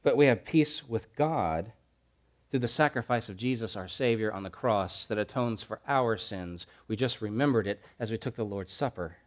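A man preaching a sermon, building to loud emphatic repeated phrases, then dropping to quiet, soft lines. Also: fairly low pitch, moderate pace. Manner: preaching with swelling emphatic repetition and dramatic drops to quiet. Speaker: pastor.

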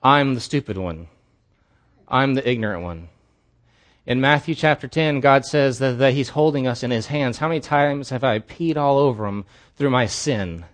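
A man's voice: medium pitch, moderate pace. A man preaching as a pastor at a church service, telling a candid personal story in an earnest way. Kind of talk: sermon.

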